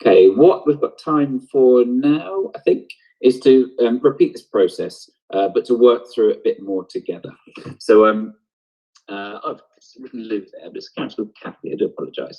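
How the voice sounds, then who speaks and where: A man teaches drama over a live stream from home, thinking aloud as he walks through each step. His voice sits low and a little husky, picked up by a computer mic. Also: mellow, lo-fi sound. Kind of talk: online lesson. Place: home, on a video broadcast.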